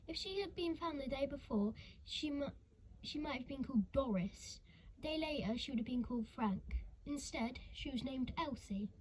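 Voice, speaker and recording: A woman narrating a children's storybook, expressive and dramatic, dropping into hushed whispers. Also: high-pitched, slight background noise, rough recording. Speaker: audiobook reader.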